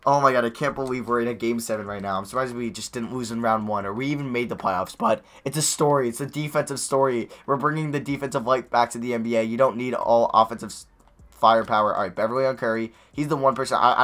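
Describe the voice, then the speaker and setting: A young man giving nervous, excitable live commentary over a basketball video game, talking to his players on screen, his voice going hoarse. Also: mid-range voice, quick pace. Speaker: gaming YouTuber.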